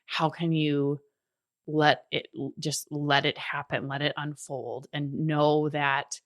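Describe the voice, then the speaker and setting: A low-pitched woman in her thirties talks through a solo coaching podcast in an earnest, encouraging way, laughing now and then. Her voice sits deep for a woman, recorded close and dry with no room sound. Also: flat delivery, slow, no echo. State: briefly emotional.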